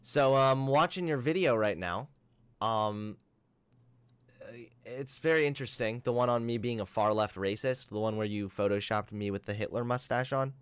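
A young man with a medium-pitched, smooth voice, moderate pace, and no echo does sarcastic, combative reaction commentary. This commentary streamer argues with a caller in a phone debate.

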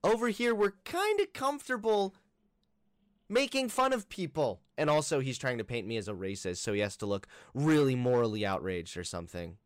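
A man's voice: medium pitch, expressive, a little fast, no room sound. Sarcastic man, dry close sound. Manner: sarcastic, mocking. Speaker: YouTube commentator. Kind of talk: reaction video commentary.

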